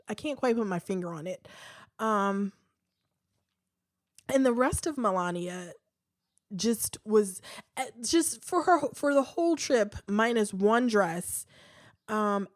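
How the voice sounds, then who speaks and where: Recorded in a clean, dry studio, a mid-range female voice belongs to a podcast host from the United States. She gives casual commentary, candid and chatty, with plenty of fillers, sighs, and false starts.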